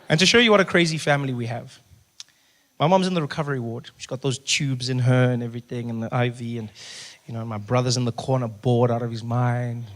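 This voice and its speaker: Animated South African stand-up comedian. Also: male voice, medium pitch. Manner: animated storytelling, rising to loud punchlines.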